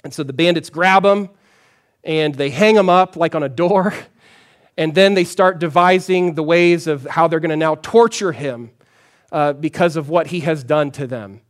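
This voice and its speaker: A man, a pastor, preaching a sermon in a conversational storytelling way, often dropping to a soft, low voice for emphasis. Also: normal speed.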